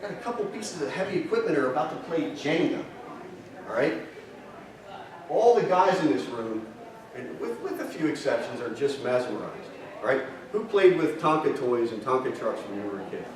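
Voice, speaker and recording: A seminar presenter delivers a marketing lecture in a hotel conference room, his medium-pitched voice swinging widely in pitch at a moderate pace. He keeps firing rhetorical questions at the audience. The recording is echoey and distant-miked, with listeners present in the hall.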